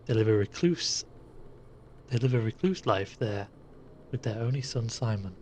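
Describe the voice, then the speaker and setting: A man's voice: on the low side, animated, normal speed, darkish tone, a little hiss or hum. A man casually commenting while playing a game live, chatty and jokey with rambling asides.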